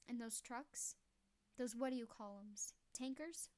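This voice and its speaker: A terse hired gunman, clipped and dry, as a woman reading a novel aloud puts him on. His voice stays fairly high and he never says more than he must. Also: slow pace, warm tone. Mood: curt.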